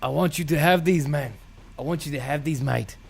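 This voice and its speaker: A man putting on the voice of a moody young male tennis star, talking low and sullen. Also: a little fast, creaky, slightly rough. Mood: earnest.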